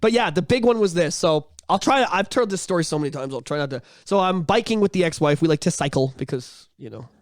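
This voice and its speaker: A man, co-hosting a podcast and telling crude, animated stories. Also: a little high, fast talker, few pauses, no room sound, clean studio sound. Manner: animated, profane, breaks into shouted bits. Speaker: podcast co-host. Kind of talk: crude casual storytelling.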